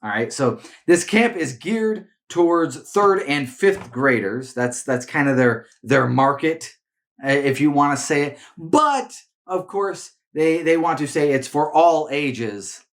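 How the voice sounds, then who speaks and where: A man speaking with a lively, swinging pitch as he runs his commentary show. He stumbles and doubles back on his words, restarting sentences, in a loose, off-the-cuff way. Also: slow. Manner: animated, repeats words and restarts often. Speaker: political commentary host. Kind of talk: casual opinion commentary to camera.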